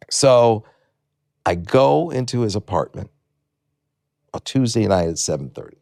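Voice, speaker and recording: A gravelly, creaky-voiced man in his sixties, originally from Detroit, tells his stories as an interview guest. He talks at a middle pitch and acts out the people in his anecdotes. The sound is close and dry. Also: fairly quick, no echo. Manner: animated anecdotes, acting out voices. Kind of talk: storytelling interview.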